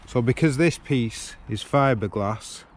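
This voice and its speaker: A man's voice: medium pitch, unhurried, noisy background. A man, chatting bluntly and swearing to a handheld camera outdoors while working on a car. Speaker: car vlogger. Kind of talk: casual swearing chat to camera. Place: outdoors beside a car at a roadside. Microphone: handheld camera on gimbal.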